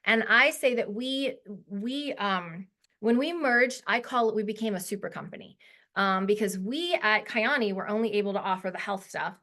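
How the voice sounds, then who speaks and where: A woman in her forties speaks as a guest on a video call, her voice pitched in an ordinary middle range. She talks in a heartfelt, emotional way, chatty and full of little fillers. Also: moderate pace, pushed and bright. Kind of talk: casual presentation to a webinar audience.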